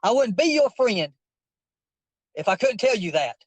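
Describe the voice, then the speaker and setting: A man's voice: sits high, very animated, unhurried, no echo, low-quality recording. A man in a heated confrontation, insistent and preachy, repeating his questions over and over.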